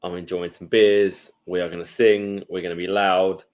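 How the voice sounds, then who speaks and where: A man with a low voice co-hosting a football fan podcast. He talks in casual chat, joking and cutting in on the others. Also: level tone, moderate pace, darkish tone. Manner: joking, interrupting. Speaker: podcast co-host.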